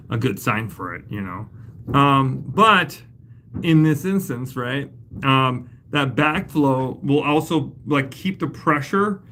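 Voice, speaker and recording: Animated, slow-talking woman livestream host. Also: extremely low pitch, a little hiss or hum. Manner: chatty, laughs often, swears casually; coaches step by step, then explains plainly. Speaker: livestream host answering home repair questions. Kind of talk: casual livestream chat.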